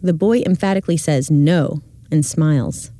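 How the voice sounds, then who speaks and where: A woman reading a scripted audio description of classroom video clips in a measured, clear way. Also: on the low side, very animated, warm tone, dry recording.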